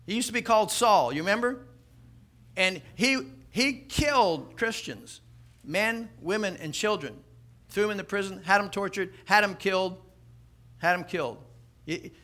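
A man delivers an impassioned sermon in a high, ringing voice. His tone is bright and forward. He swings between hushed, intimate stretches and loud, fervent peaks. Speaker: pastor.

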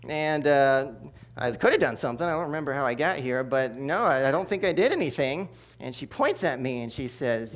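A man delivers a sermon testimony in a mid-pitched voice. He tells the story with humor and animation, jumping to loud bursts and then dropping to hushed asides. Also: lively intonation, fairly quick. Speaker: preacher giving testimony.

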